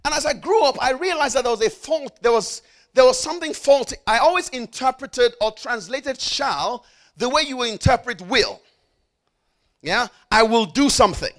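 Preaching with lively intonation in a very high, fairly bright voice, this man leans on emphasis and repetition of key phrases, calling the congregation to echo him. Stressed phrases come slowly, while asides are hurried.

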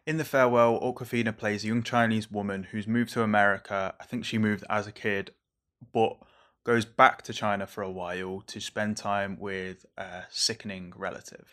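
An English man, a young adult, hosting a casual solo podcast in an excitable, rambling, over-caffeinated way, swearing now and then. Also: lowish voice. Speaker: podcast host reviewing films.

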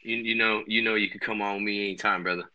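A man's voice: on the low side, fairly even intonation, fast, sharp tone, dry recording, dull audio. A man hosting a podcast remotely from his home, talking in a loose, rambling way with many restarts and fillers. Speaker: podcast host. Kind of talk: casual chat. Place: home bedroom. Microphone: remote recording.

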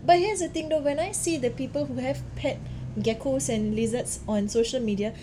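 A woman's voice: high-pitched, normal speed, background noise. A young woman with a Singaporean accent, co-hosting a casual podcast chat and telling things in a dramatic, exaggerated way. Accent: Singaporean English. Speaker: podcast co-host.

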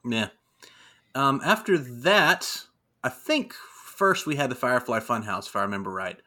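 Bright-voiced excitable man recapping. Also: mid-range voice, measured pace. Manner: excitable, animated retelling. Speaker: podcast co-host. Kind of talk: casual recap chat.

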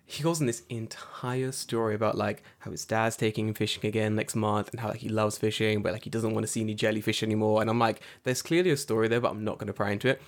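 A man tells a story in a relaxed, casual chat. He swears freely and acts out the other people in it with lively put-on voices. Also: on the low side, quick pace, hardly any pauses. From United Kingdom. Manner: animated, profane storytelling with acted-out voices.

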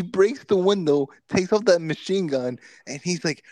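A man co-hosting a podcast, retelling movie scenes in an animated, profane way and putting on quick voices for the characters. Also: high voice, dry recording, studio quality. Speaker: podcast co-host. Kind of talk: casual movie review chat.

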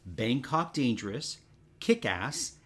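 A man co-hosting a casual talk show, reading through birthday notes with a middle-pitched voice. He talks in an easygoing way and moves easily between the notes and banter. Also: sing-song, slow, fairly bright tone, breathy edge. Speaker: co-host.

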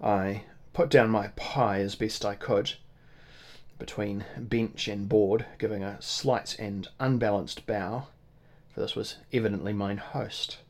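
A man reading a first-person novel aloud in a measured, formal manner. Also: on the low side, steady tone, darkish tone. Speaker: audiobook narrator. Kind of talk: scripted first-person narration.

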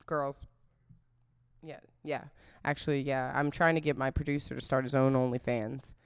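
A woman's voice: a bass voice, fairly even intonation, normal speed, smooth. A young woman telling a candid, profane dating story in casual chat, giggling as she goes.

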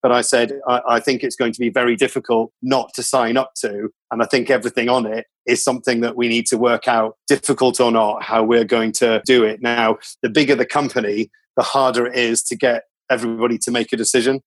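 A man's voice: medium pitch, little pitch movement, a little fast, hardly any pauses, dry recording. Earnest man, dry close mic. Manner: reflective, earnest, restarts often. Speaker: radio company executive. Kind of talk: conversational interview.

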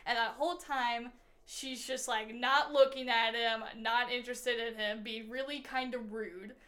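A woman's voice: on the high side, steady tone, unhurried, bright, forceful tone. A young adult woman co-hosting a podcast, chatting casually about a movie, full of "like" and acted-out quotes. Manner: chatty, lots of "like", acts out quotes. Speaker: podcast co-host. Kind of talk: casual movie review chat.

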